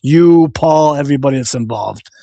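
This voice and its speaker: Gravelly and dark, his mid-range voice comes across animated at normal speed, with no echo and the highs cut off. He's a livestream host on an angry rant, cursing, reading out viewer comments, and combatively repeating his insults.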